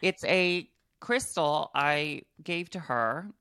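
A woman at a medium reading, talking in a halting, hesitant way with repeated words. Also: low-pitched, a bit bright, clear, resonant tone, no room sound, studio quality. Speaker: guest at a reading. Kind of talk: casual chat.

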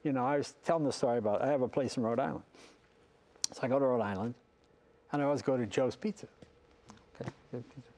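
An older man, a talk show host, tells funny anecdotes inside a large car garage, acting out the voices of the people in his stories. His mid-range voice has a dark tone, and he speaks quickly with frequent pauses.

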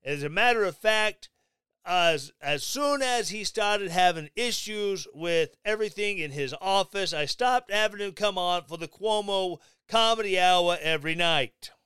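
A man giving sarcastic, mocking commentary on the news, with animated asides. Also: sits high, a little slow, clean tone, dry recording. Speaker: commentary vlogger.

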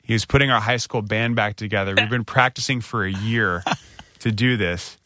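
A middle-aged man casually telling a self-mocking story, acting out other people's lines with big jumps in pitch. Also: moderate pace, sharp tone.

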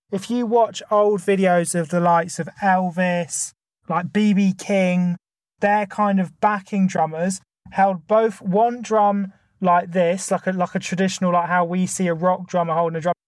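A man's voice: sits high, no room sound. Podcast co-host, male, casual talker, argues in numbered points, dry close sound. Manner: enthusiastic, argues point by point with many fillers. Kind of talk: casual chat.

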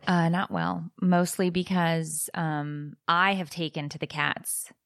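A woman's voice: on the low side, slow pace, gravelly, dry recording, studio quality. A young woman co-hosting a chat show, telling a story with lots of acted-out dialogue. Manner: animated storyteller, acts out quoted dialogue. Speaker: podcast co-host.

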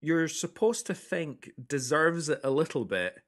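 A man's voice: fairly high pitch, big pitch swings, unhurried. A man co-hosting a casual film podcast, retelling scenes with dry humour and repeated words. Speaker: podcast co-host.

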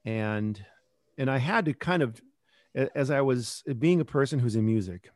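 A man's voice: mid-range voice, lively intonation, moderate pace, no echo. Middle-aged man, interview guest, rambling and reflective, dry close sound. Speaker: kids podcast creator and teacher. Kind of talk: casual interview talk.

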